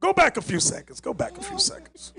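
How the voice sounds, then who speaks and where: Man, very high voice, animated pitch, emphatic commentary, interrupts to lecture. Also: brisk, gravelly. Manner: emphatic, stops the clip to lecture. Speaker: teacher commenting on a clip. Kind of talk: animated commentary over a played clip.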